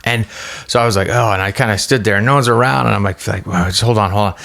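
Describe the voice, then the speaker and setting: A man co-hosting a podcast, retelling a scare in a rambling, halting way with many restarts. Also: on the low side, vocal fry, fairly bright tone. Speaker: podcast co-host. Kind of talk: casual storytelling chat.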